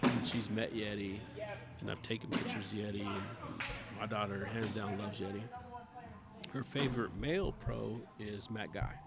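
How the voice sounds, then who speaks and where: Over a loud crowd, a man appearing as a guest on a talk show tells a story with a steady, lowish voice at a moderate pace. He's a cornhole player on the podcast, chatting in a casual, animated way and acting out snippets of dialogue.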